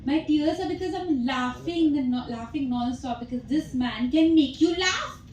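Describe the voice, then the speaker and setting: Chatty Indian actress, echoey press hall. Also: female voice, sits high, normal speed, darkish tone, far from the mic. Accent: Indian English. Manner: chatty, storytelling, laughs often. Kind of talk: press conference answers. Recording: echoey hall, faint background noise.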